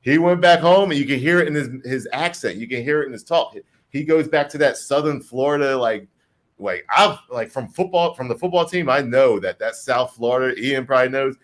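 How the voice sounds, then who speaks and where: A man from New Jersey co-hosting a casual livestream chat, talking in a rambling, animated way and repeating himself. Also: mid-range voice. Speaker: co-host.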